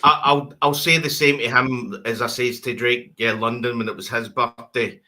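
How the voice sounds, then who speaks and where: A man's voice: mid-range voice, steady tone, normal speed, pushed and bright. A Scottish man co-hosting a casual podcast chat, rambling through thoughts with lots of restarts and repeated words. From Scotland. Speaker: co-host.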